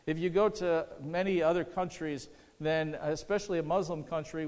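A man's voice: on the high side, darkish tone. A man preaching a sermon to his congregation in a church, conversational and often asking the room questions. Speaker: pastor. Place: church sanctuary. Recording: long hall reverb.

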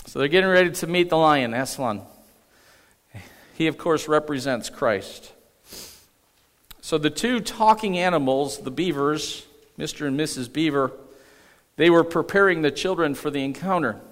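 Pastor, male, emphatic sermon delivery, fairly high voice, long church reverb. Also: moderate pace, long pauses, a bit bright. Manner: emphatic, calls for congregation response. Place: church sanctuary. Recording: echoey hall.

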